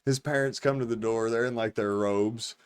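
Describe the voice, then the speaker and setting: This podcast host, a man around forty, speaks at a normal speed with a medium pitch and a clean tone. He spins a long, casual anecdote full of swearing, staying animated and laughing often throughout.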